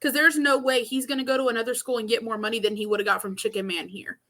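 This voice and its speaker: A woman's voice: on the high side, fairly even intonation, quick pace, bright, forceful tone. A woman from Arkansas co-hosting a casual sports podcast, blunt and opinionated. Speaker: podcast co-host.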